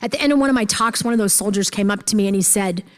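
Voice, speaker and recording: Talking very fast in a mid-range voice, a woman gives an earnest personal talk at a large conference, repeating phrases for emphasis. The hall sounds echoey.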